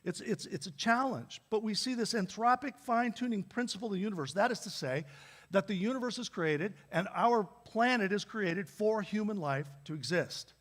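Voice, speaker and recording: Guy preaching at church, pretty high voice, talks casual and restarts a lot. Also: animated, moderate pace. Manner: storytelling, conversational with repeated restarts. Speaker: pastor. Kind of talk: sermon.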